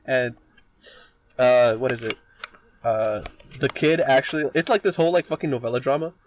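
A man's voice: mid-range voice, normal speed, slight background noise. A man co-hosting a podcast, rambling through a story retelling with lots of filler words and casual swearing. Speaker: podcast co-host.

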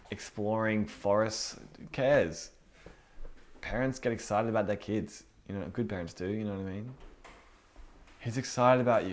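A man's voice: lowish voice, slight background noise. A young man giving an informal, earnest sermon, chatty and full of fillers like "you know what I mean". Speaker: preacher.

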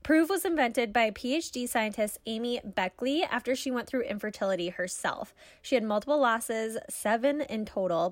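A podcast host reading a sponsor message with upbeat enthusiasm. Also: female voice, on the high side, no echo, studio quality. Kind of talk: sponsor read.

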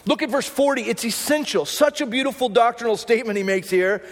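A man's voice: very high voice, fairly quick, big-room sound. A man preaching a sermon as pastor, talking through the scripture in a conversational way and often checking in with the congregation. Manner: conversational preaching with rhetorical "right?" asides.

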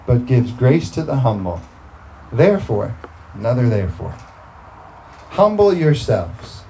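A man's voice: medium pitch, very animated, measured pace, creaky, mellow, a little hiss or hum, poor audio. A man preaching a sermon, talking through scripture in a conversational way and breaking into emphatic bursts.

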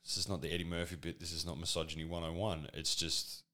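Casting: low-voiced man, rambling, profane, sardonic comedy monologue. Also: little pitch movement, fast, pushed and bright. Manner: rambling, crude, sardonic, full of fillers.

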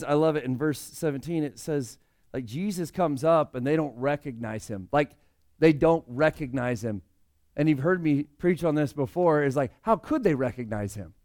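A man preaching a conversational sermon, swinging between loud emphasis and hushed asides. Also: a little high, smooth. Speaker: pastor.

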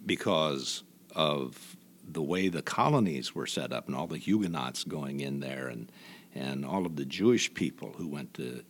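A man from Indiana, a guest in an interview, telling stories in a halting way with many restarts. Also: low-pitched, a bit bright. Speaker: guest, voice imitator. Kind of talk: reflective conversational storytelling.

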